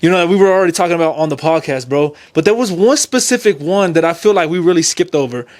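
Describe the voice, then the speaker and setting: A man's voice: a little high, lively intonation, fast talker, darkish tone. A young adult man hosting a podcast, asking questions in a laid-back, slangy way. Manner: laid-back, slangy, calls guest bro. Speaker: podcast host. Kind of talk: casual podcast interview.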